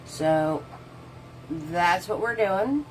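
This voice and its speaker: With a lowish, animated voice delivered extremely slowly, a woman hosts an informal live painting lesson. She chats along, replies to comments mid-brushstroke, and gives easygoing step-by-step directions. The low-quality recording carries soft background music.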